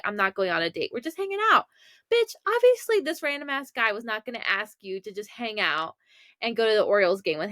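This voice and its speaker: A woman's voice: fairly high pitch, fairly bright tone, no room sound, studio quality. A young woman from Maryland, hosting a podcast and telling a story in a chatty, self-mocking way with lots of asides. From Maryland, USA. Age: young adult. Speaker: podcast host. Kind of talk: casual storytelling.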